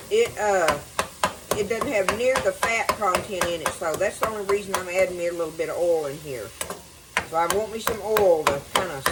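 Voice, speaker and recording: A woman's voice: on the low side, heavy background noise. A woman with a Southern US accent hosting a home cooking demonstration, chatty and folksy, talking to viewers as y'all. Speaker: cooking show host. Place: home kitchen with food sizzling.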